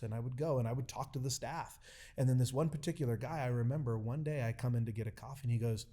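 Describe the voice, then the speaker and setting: A man, a pastor, telling a story in casual podcast chat, halting with fillers at times and acting out quoted lines with rising excitement. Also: medium pitch. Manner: animated storytelling, acts out quoted dialogue; halting, many fillers and restarts.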